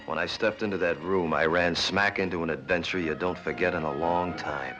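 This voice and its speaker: A man's voice: deep voice, fairly even intonation, brisk, natural voice. A man playing a wry old-movie leading man. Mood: dramatic. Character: wry, world-weary 1950s male film hero. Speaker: trailer narrator and leading man. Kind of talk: 1950s film trailer acting. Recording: dull old film audio under music.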